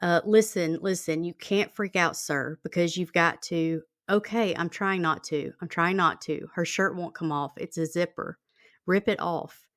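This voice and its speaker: Low-voiced woman hosting a true-crime podcast. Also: steady tone, unhurried, fairly bright tone, dry recording, studio quality. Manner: reads out a call transcript in a plain conversational way, with many fillers. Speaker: podcast host.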